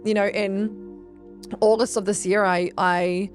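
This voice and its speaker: A woman's voice: mid-range voice, flat delivery, takes it slowly, soft background music. A woman, a business coach and podcast host, talking in an earnest, emphatic way with casual swearing and lots of fillers. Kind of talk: casual motivational talk.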